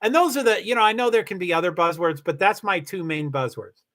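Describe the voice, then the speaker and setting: A man's voice: high-pitched, brisk, fairly bright tone. A middle-aged man hosting a livestream, chatting casually with viewers, rambling with frequent restarts and the odd swear word. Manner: rambling, restarts often, swears when heated. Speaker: livestream host reading chat. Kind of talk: casual chat.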